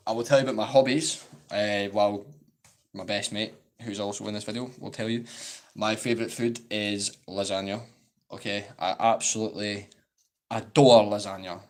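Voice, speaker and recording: A Scottish man in his twenties chatting casually on a live-stream Q&A, rambling and saying "like" a lot. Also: lowish voice.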